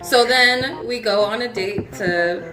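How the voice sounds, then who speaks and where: A woman's voice: on the high side, takes it slowly. A young woman guest on a talk show, telling a dating story in casual chat, swearing freely and laughing as she goes. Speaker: podcast guest. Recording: roomy echo with music behind.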